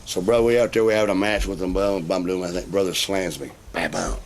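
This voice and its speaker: A middle-aged man, a wrestling veteran telling profane, animated stories in a casual interview. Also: sits low, fast talker. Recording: noisy background.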